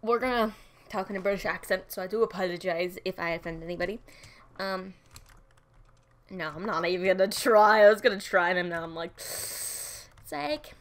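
A woman's voice: on the low side, steady tone, moderate pace. A woman chatting casually over her gameplay, rambling and often putting herself down. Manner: rambling and self-deprecating. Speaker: gaming video host.

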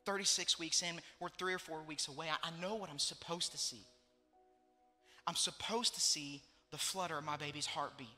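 A man's voice: on the high side, normal speed, sharp tone, long reverb tail, faint music behind. A young adult man preaching a sermon, pastor telling a personal story with emotional repetition. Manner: emotional storytelling, repeating phrases for emphasis.

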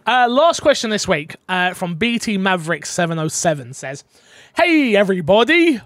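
A man's voice: sits high, expressive, moderate pace, a bit bright, no echo, studio quality. A man hosting a casual gaming podcast, playful and teasing as he reads out listener questions. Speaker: podcast host.

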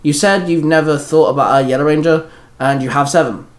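A man's voice: on the high side, brisk, natural voice. A man voicing a friendly male hero leader, speaking in an earnest, supportive way. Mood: encouraging.

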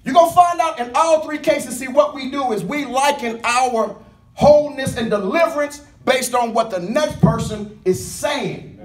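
High-voiced man preaching with call and response. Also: normal speed. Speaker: pastor. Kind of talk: sermon. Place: church sanctuary. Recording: echoey church room, mic at a distance. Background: congregation responding with amens.

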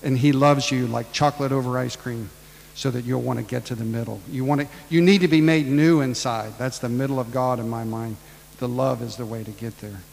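A man's voice: medium pitch, fairly even intonation, a little fast, gravelly, a little mellow, in a large hall, rough recording. A man preaching a casual storytelling sermon, ad-libbing and acting out the people in the tale. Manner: casual, ad-libbing retelling with acted-out voices.

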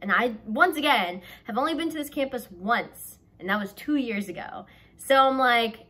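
A young woman from the South tells a storytime vlog in a chatty, animated rush, leaning on "like" at every turn. Her voice sits a little high and sounds bright and clear. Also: moderate pace. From American South. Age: young adult. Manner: chatty and animated, heavy use of "like". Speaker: vlogger.

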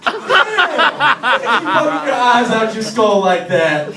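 A brash, flirty female wildebeest squeals her crude come-on in a very high, excited voice, as a man puts her on. Heard from far off in an echoey room, with a crowd around. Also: slow, exaggerated voice.

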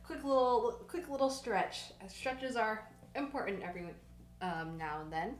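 Her voice sits a little high and her pace is moderate. A young Canadian woman, she streams live from home while playing, casually chatting, musing aloud, and saying sorry now and then; she uses a desk microphone and at times drifts away from it.

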